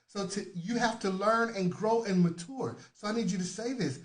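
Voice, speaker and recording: A man hosting a live motivational talk, leading affirmations and calling out viewers by name in an energetic, preachy way. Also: high-pitched, moderate pace. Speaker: motivational host. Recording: roomy echoey sound.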